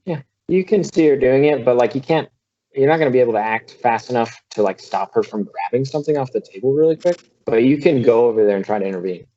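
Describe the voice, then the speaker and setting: A man running a tabletop role-playing game, easygoing and halting, often stopping on "um" and "like." His voice is mid-pitched and comes through a slightly dull, lo-fi line. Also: warm tone. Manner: casual, hesitant with fillers. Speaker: game master.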